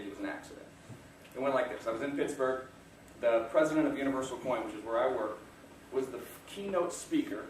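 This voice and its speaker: In an echoey room picked up by a distant mic with slight background noise, a man with a mid-range voice delivers a motivational talk as a guest speaker. He chuckles frequently while sharing stories that poke fun at himself.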